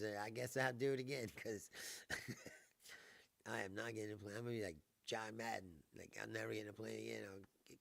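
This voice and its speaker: Middle-aged guy with a high gravelly voice, swears a ton, laughs a lot, dry close sound. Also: bright, forceful tone, dry recording. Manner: mocking, sarcastic. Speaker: show host. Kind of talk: casual profane rant.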